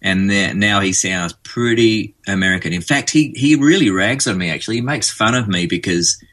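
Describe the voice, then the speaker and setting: Bright-voiced Australian man. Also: fairly low pitch, moderate pace. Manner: chatty, storytelling, frequent fillers. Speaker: guest. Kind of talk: relaxed conversational interview.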